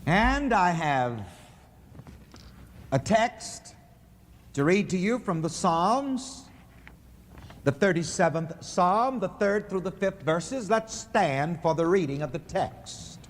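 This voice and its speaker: High, lively preacher in an echoing church. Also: male voice, slow pace, pauses often. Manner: rhythmic, has the congregation repeat his lines. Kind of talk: call-and-response sermon. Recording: echoey church hall recording.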